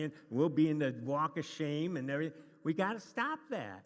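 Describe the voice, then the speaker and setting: This man's voice sits a little high and swings widely in pitch, moving at a normal pace with few pauses. He teaches a church class to a live group in a casual, joking, talkative way, frequently starting over. The church meeting room gives off long, hall-like reverb.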